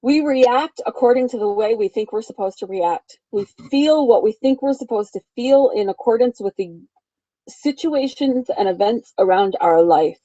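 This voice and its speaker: A woman's voice: on the high side, animated, moderate pace, warm tone, no echo, dull audio. A woman in her thirties giving an emphatic, freely swearing motivational talk as a spiritual coach, laughing often.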